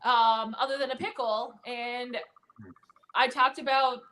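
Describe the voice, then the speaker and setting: Brief: female comedian on a phone call, bright and fairly high, chatty. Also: steady tone, measured pace. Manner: chatty storyteller, lots of fillers and laughs. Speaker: guest comedian. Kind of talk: casual chat.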